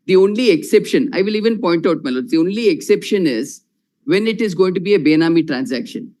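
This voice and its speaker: A man with an Indian English accent arguing a case before judges, measured and formal, repeating "my lords" again and again. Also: sits high, expressive, darkish tone. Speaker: lawyer arguing in court. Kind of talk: formal courtroom argument.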